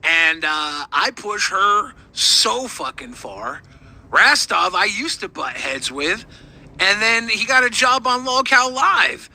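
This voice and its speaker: A man's voice: high voice, lively intonation, takes it slowly, pushed and bright, low-quality recording. A man on a live stream talking provocatively with swagger, calling people bro. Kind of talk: casual live-stream chat.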